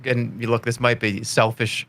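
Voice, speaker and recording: His delivery is completely flat at a moderate pace, and his tone is fairly bright. A man in his thirties from Boston, Massachusetts, with a light Boston accent, he rambles and jokes through a casual interview, using high put-on voices for quotes.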